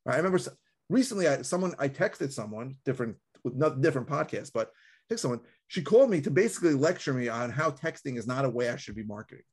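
Fast-talking man. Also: mid-range voice, slightly rough. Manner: animated storyteller, acts out callers. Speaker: podcast co-host. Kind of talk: casual podcast conversation.

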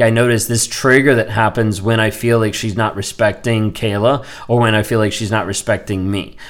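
A man's voice: mid-range voice, a bit bright. A man in his thirties talking earnestly in a reflective personal vlog, rambling with frequent fillers. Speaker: vlogger.

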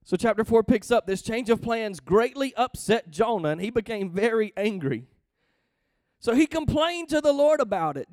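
This man's voice is extremely high, a little mellow, with wide pitch swings and a moderate pace; there's no echo. Preaching conversationally, he reads a scripture passage, explains it with emphasis, and regularly puts questions to his listeners.

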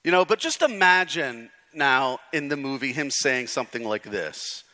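A man's voice: medium pitch, expressive, normal speed, pushed and bright. A man preaching a conversational sermon as pastor, with frequent restarts, in a large church hall. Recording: hall reverb.

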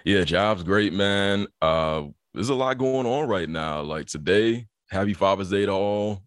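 Laid-back deep-voiced young man hosting. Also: measured pace, no room sound, studio quality. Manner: laid-back, says "man" often, laughs easily. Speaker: podcast host. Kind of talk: casual sports podcast chat.

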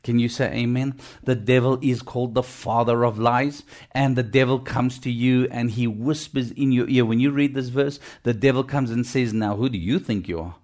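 A man's voice: mid-range voice, little pitch movement, moderate pace, few pauses, a little mellow. A man preaching a sermon with emphasis, repeating phrases and calling on the congregation for an amen. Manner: emphatic, call-and-response, repetitive.

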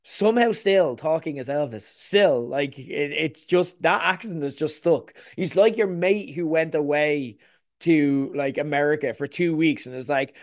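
Give me a young man with a slightly high voice, casually rambling about TV shows. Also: measured pace. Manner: rambling, lots of "like" fillers. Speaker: podcast co-host. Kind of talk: casual TV review chat.

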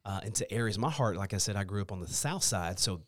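A man with a low voice talks as a podcast guest. His delivery is earnest and emphatic. The sound is dry and close, with no room around it. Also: lively intonation, fast talker, a bit bright, dry recording. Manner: earnest, emphatic about church mission. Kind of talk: casual conversation about faith.

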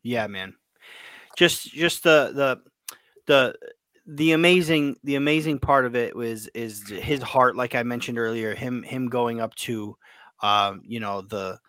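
A man hosting a casual sports chat, excitable and emotional, often repeating his words. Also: mid-range voice, a little slow, no echo. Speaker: podcast host.

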